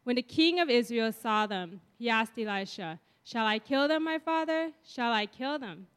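A woman pastor leading a group Bible reading, reading scripture aloud clearly and evenly in a church hall. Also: on the high side, expressive, normal speed, fairly bright tone. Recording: long hall reverb.

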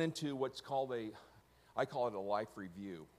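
A man's voice: medium pitch, expressive, moderate pace, darkish tone. A middle-aged man telling his personal story to an audience, often stopping to correct himself and slipping in joking asides.

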